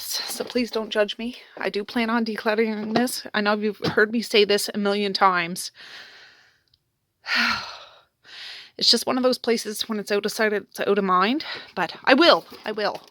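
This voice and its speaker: A woman's voice: mid-range voice, a bit bright, slight background noise. A woman chatting casually through a home cooking vlog, laughing often as she works around her house. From Nova Scotia, Canada. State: out of breath. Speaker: vlogger. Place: home kitchen and attic.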